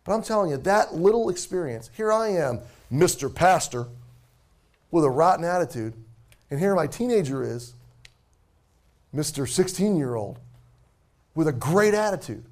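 A man's voice: fairly high pitch, expressive, normal speed, long pauses, darkish tone. A man in his forties, a pastor preaching a sermon as a casual, self-deprecating story.

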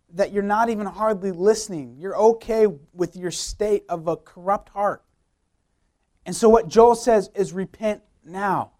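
A man's voice: high voice, darkish tone. A young man, a youth pastor, preaching a sermon with emphatic repeated phrases and rhetorical questions.

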